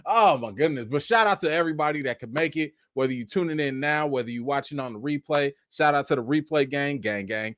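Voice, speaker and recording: A man's voice: a little high, a little fast, few pauses, dry recording, clean studio sound. A man hosting a live movie news chat, greeting viewers by name and thanking them for donations in a casual, upbeat way with frequent laughs. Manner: laughs often, lively and chatty.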